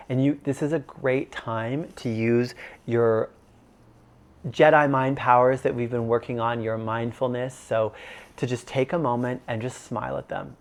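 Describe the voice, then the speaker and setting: Gravelly-voiced man in his thirties coaching. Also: mid-range voice. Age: 30s. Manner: conversational, many "like" and "you know" fillers. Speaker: life coach teaching an online course. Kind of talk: casual instructional talk.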